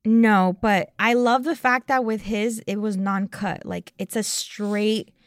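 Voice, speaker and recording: A woman's voice: medium pitch, steady tone, takes it slowly, dry recording, clean studio sound. A woman co-hosting a podcast in casual chat, enthusiastic and emphatic as she reads out comments. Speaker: podcast co-host.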